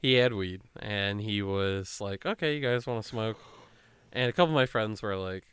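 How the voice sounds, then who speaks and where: A young man tells a long story in casual podcast chat. His voice is bright and clean, and the sound is dry and close to the mic. He rambles on animatedly and puts on quick voices for the people he quotes. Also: lowish voice, smooth, dry recording. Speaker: podcast host.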